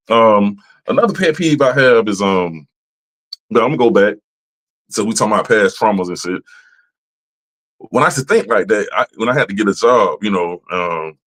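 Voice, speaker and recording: A man's voice: mid-range voice, a bit bright, rough recording. A man hosting a podcast, talking in a loose, profane, rambling way and sometimes mimicking other people's voices. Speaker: podcast host. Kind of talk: casual monologue.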